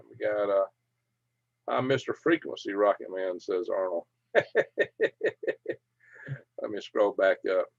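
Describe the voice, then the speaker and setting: Reading out and answering viewer comments, this middle-aged livestream host chuckles in a folksy way from home. His gravelly, creaky voice sits on the low side, captured dry and a bit dull, like a lo-fi home microphone.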